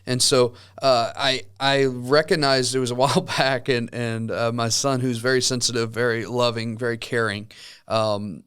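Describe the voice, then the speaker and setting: A man in his thirties telling a personal story in casual chat, with lively, halting restarts. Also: medium pitch, clear, resonant tone. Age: 30s. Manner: animated storytelling with many restarts. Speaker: co-host.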